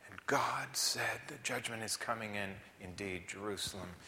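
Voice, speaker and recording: A man preaching a sermon in a church, dramatic, dropping to whispers and rising to loud emphasis. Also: fairly low pitch, moderate pace, a little hiss or hum. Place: church sanctuary. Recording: long reverb of a large hall.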